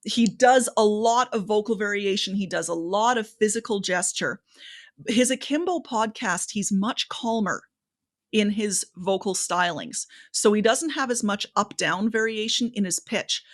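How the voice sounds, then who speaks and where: A woman guest on a podcast, giving speaking advice in an animated, expressive way with lots of pitch variation. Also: unhurried.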